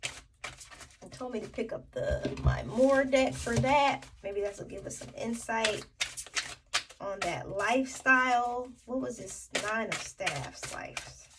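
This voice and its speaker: Slow, halting woman tarot reader. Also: fairly high pitch, recorded from a distance, noisy background. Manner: thinking aloud with many fillers and restarts. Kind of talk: tarot reading to viewers.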